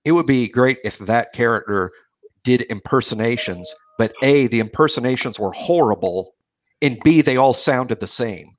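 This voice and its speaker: A man's voice: medium pitch, normal speed. A man hosting a podcast, talking in a dry, wry, self-deprecating way. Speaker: podcast host. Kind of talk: casual chat.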